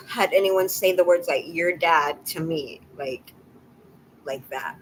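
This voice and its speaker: A woman's voice: lowish voice, moderate pace, slight background noise, poor audio. Tearful woman, shaky and apologetic. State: tearful, catching her breath. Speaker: live streamer. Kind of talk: emotional live-stream talk to chat.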